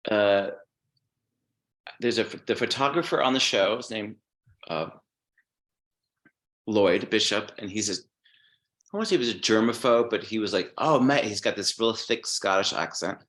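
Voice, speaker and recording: A man talking as a podcast guest, telling stories in a relaxed way and swearing casually. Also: lowish voice, moderate pace, pauses often. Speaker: guest musician.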